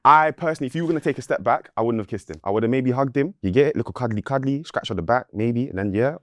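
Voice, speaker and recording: A man's voice: mid-range voice, lively intonation, rapid-fire, dry recording, studio quality. A man hosting a chat as a mock judge, teasing his guests and calling for order. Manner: teasing, dramatic shouts of order. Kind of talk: playful mock-courtroom chat.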